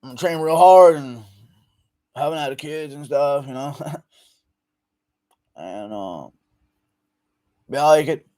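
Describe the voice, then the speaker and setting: A man's voice: on the high side, mellow. A man doing an impression of a laid-back male fighter who mumbles and rambles at a press microphone. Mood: mumbling. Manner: slurred, halting and rambling.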